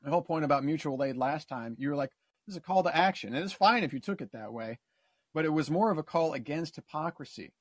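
A man's voice: a little high, expressive, fast talker, no room sound. A man calling in to a talk show, ranting passionately and rambling until he loses his thread. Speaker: caller. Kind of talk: casual call-in rant.

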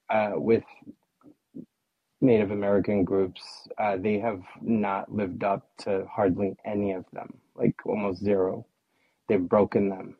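Male caller, husky and low, careful and halting delivery. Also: dry recording, muffled recording. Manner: hesitant, careful, many ums. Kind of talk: casual call-in chat.

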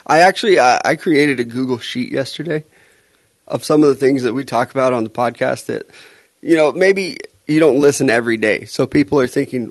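A man's voice: mid-range voice, fairly quick, no room sound. A man co-hosting a sports podcast, chatting casually and laughing often at his own jokes. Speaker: podcast co-host.

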